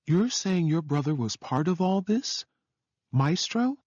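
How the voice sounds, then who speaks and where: A man doing a skeptical detective, slightly husky. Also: fairly high pitch, very animated, measured pace, a little mellow, dry recording, muffled recording, pitched above the performer's own voice.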